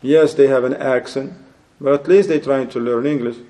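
A man delivers a religious lecture in a warm, mellow voice at a middle pitch. He exhorts his listeners and challenges them with pointed rhetorical questions. His speech is peppered with Arabic religious phrases. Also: steady tone, moderate pace. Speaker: Islamic preacher.

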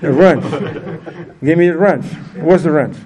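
A man's voice: a little high, slow, darkish tone. A man giving an informal religious lesson in a chatty way, asking his listeners questions as he goes. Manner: chatty, asks the audience questions. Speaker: religious teacher. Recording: distant from the mic.

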